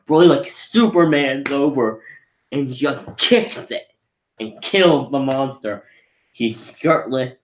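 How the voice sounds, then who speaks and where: A man's voice: medium pitch, slow pace, roomy sound. A man recapping a film in a casual, rambling way, with many restarts and fillers, briefly acting out what the characters say. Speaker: movie reviewer.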